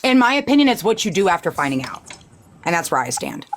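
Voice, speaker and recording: A woman's voice: fairly low pitch, sing-song, quick pace, a little hiss or hum, poor audio. A woman hosting a live stream, talking in an emphatic, opinionated way. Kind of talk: casual chat.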